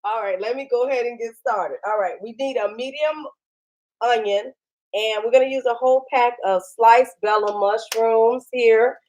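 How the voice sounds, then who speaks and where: Excitable high-voiced woman cooking at home. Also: normal speed, rough recording. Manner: chatty, excitable, laughs often, talks to viewers as "y'all". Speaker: cooking channel host. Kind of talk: casual live-stream cooking demo. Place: home kitchen.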